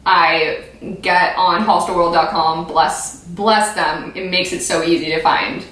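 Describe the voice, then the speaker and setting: A woman's voice: on the low side, steady tone, a little slow, fairly bright tone. A young American woman candidly reacting to her own old video, chatty and self-mocking. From United States. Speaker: vlogger. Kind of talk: casual reaction commentary. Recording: echoey room.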